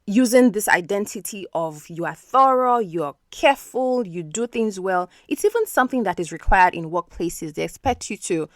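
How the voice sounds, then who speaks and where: A woman's voice: medium pitch, expressive, moderate pace, hardly any pauses, dry recording, studio quality. A woman hosting an English-learning podcast who explains words patiently and keeps checking in with the listener. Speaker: English teacher and podcast host.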